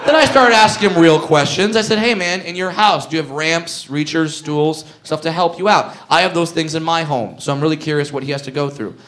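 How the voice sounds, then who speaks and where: A man's voice: a little high, a little fast, hardly any pauses, fairly bright tone. A man doing a crude, brash stand-up comedy set on a stage, acting out bits of dialogue. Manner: brash, crude, builds jokes with acted-out dialogue. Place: comedy stage with live audience.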